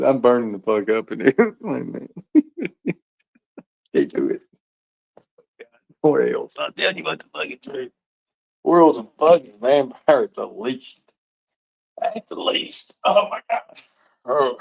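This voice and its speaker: Gravelly middle-aged guy rambling and cussing through a reaction stream, dull dry audio. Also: mid-range voice, a little mellow, no echo. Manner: laughing often, profane, rambling. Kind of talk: casual reaction commentary.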